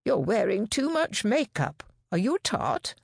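A woman's voice: medium pitch, sing-song, a little slow, vocal fry, breathy edge, no echo, studio quality, voice pushed up, full character voice. A woman voicing a thin, weary man of about fifty in an audiobook, curt and snappish. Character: thin weary middle-aged man, prickly and glum.

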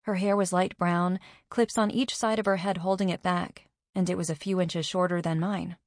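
A woman reading a first-person audiobook in a measured, even way. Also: on the low side, no echo, studio quality.

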